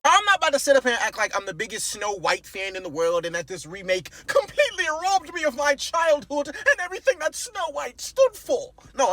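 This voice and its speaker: A young man with a high voice rants through a casual movie review, animated, exasperated and profane, now and then bursting into shouts. There's no echo on the recording.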